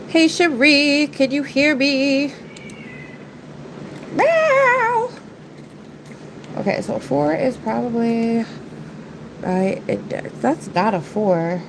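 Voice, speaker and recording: Slight background noise and low recording quality frame a higher-pitched woman running a nail art live stream. Her voice is stuffed-up and nasal as she rambles in relaxed, chatty live-stream talk.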